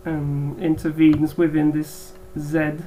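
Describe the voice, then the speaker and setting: A woman's voice: low voice, monotone, slow pace, mellow, slight background noise, low-quality recording. A woman biology teacher giving a recorded lecture, hesitant with frequent ums.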